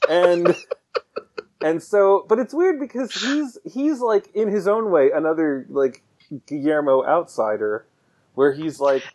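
An animated man from the Baltimore area talks through a film in a casual podcast chat. His voice sits a bit high for a man, and his delivery is sarcastic and quick to swear. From Baltimore area, United States. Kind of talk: casual movie review chat.

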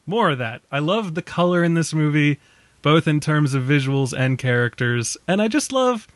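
A man's voice: medium pitch, no echo. A young man co-hosting a film podcast in casual chat, enthusiastic and laughing often.

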